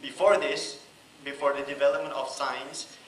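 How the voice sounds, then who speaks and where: A man's voice: mid-range voice, fairly even intonation, normal speed, fairly bright tone. A young male law student asking a polite, hesitant question from the floor of a debate. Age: young adult. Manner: hesitant, many fillers, polite. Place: large echoey hall. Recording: echoey hall with faint background noise.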